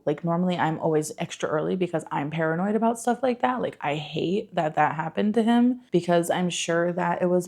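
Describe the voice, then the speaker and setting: A woman talks to camera in a loose, rambling vlog style, full of laughs and casual swearing. Her voice sits a little low for a woman, and she talks as if to friends. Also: dark tone. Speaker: book vlogger.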